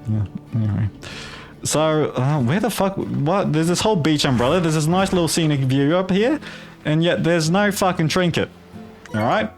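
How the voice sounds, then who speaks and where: A man's voice: a little high, lively intonation, moderate pace, faint music behind. A man hosting a gameplay video in a put-on Australian accent, rambling with profane, jokey asides. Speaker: gaming video host. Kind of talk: casual gameplay commentary.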